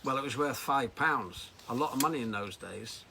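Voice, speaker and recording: Bright-voiced man telling stories. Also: medium pitch, moderate pace, creaky, a little hiss or hum. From Liverpool. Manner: anecdotal, lively delivery with acted quotes. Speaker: horse riding coach. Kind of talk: personal storytelling.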